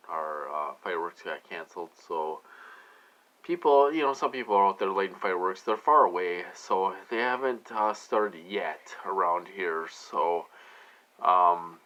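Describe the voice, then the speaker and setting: A man's voice: low-pitched, sharp tone, muffled recording. A man talking to his viewers in a rambling casual monologue, full of fillers and "you guys" asides. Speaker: vlogger.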